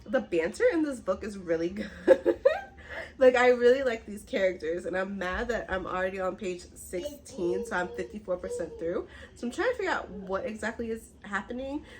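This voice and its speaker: A young woman chatting casually in a reading vlog, recapping a book with lots of "like" and quick reactions. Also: mid-range voice, a little hiss or hum, rough recording. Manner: animated, chatty, fillers like "like". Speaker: book vlogger.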